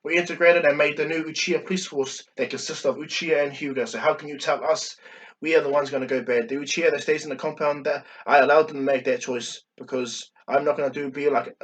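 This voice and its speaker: A man's voice: medium pitch, fairly even intonation, quick pace, natural voice, poor audio. A man voicing a stern middle-aged male clan leader who is blunt and confrontational, often repeating himself. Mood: firm.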